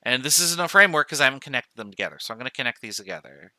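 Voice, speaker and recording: Speaking very fast and with great animation, this male chemistry professor has a medium-pitched voice that is very bright, crisp and smooth. In his recorded lecture he narrates every step, tallies items and fixes his own slips. The sound is close and dry.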